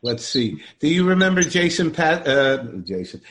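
A man's voice: on the high side, lively intonation, normal speed. A man interviewing a guest in a casual chat, asking questions with many fillers and restarts. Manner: hesitant, many fillers, gently prompting questions.

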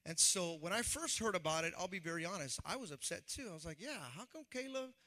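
A pastor preaches in an animated, conversational style, voicing the people he quotes. His voice is a little high and he talks quickly.

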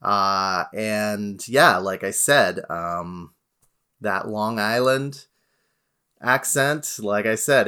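A Canadian man co-hosting a podcast, chatting in a relaxed, rambling way with many fillers. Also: lowish voice, clean tone. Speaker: podcast co-host. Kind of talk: casual podcast chat.

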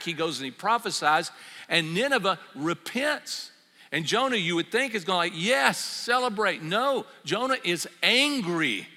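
A middle-aged man preaching a sermon as pastor, telling a story in an animated way and acting out its voices. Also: high voice. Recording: long reverb of a hall.

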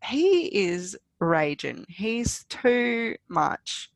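A woman's voice: mid-range voice, sing-song, very slow, creaky, dry recording. A woman co-hosting a podcast, giving blunt, wry opinions on a reality show in casual chat. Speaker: podcast co-host.

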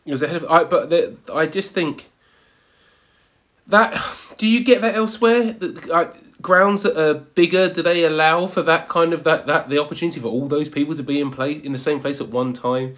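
A man tells stories in relaxed conversation. He hesitates and restarts often as he hunts for the right word. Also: a little high. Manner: halting, searches for words, then bursts into excitement. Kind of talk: casual chat.

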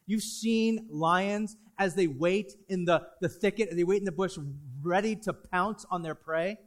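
High-voiced preacher with dramatic swings. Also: male voice, unhurried. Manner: dynamic preaching, swinging between loud emphasis and hushed asides. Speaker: pastor. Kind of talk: sermon.

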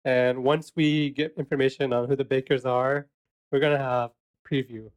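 A man co-hosting a podcast, chatting casually, laughing often and filling pauses with "um" and "uh". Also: medium pitch, level tone. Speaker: podcast co-host.

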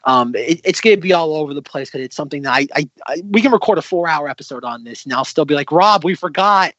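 A man co-hosting a podcast in casual chat, rambling and animated, jumping between tangents. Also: on the high side, fast talker, dry recording, lo-fi sound. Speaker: podcast co-host.

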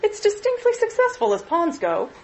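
Genial middle-aged clergyman read by a woman, chatty, lightly lecturing, voice lifted a little higher, story reading. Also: huge pitch swings, normal speed, heavily acted, low-quality recording.

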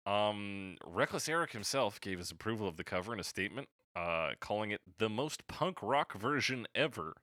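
A man's voice: fairly low pitch, animated, moderate pace, hardly any pauses, pushed and bright, no room sound, studio quality. A man co-hosting a casual music review chat, joking and swearing playfully. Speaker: podcast co-host.

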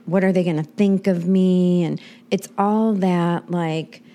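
Blunt, jokey woman podcast co-host. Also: fairly low pitch. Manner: energetic, quick, blunt and jokey. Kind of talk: casual chat.

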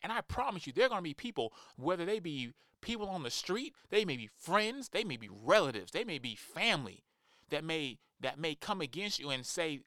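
Impassioned preacher guy, kinda high voice, dead dry sound. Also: sing-song, brisk, a bit bright, dry recording. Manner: impassioned, emphatic, acts out quoted voices. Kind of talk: sermon.

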